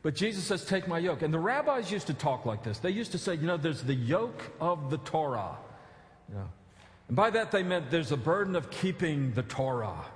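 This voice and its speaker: A man's voice: fairly high pitch, big pitch swings, moderate pace. A man pastor preaching a sermon, earnest, with emphatic pleading appeals and casual asides. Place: church sanctuary. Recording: echoey church hall.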